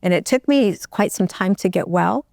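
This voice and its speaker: Gravelly woman telling a story, near tears. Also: medium pitch, lively intonation, a little mellow, no echo, clean studio sound. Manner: emotional, halting, with many restarts. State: close to tears. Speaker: interview guest. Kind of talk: personal storytelling.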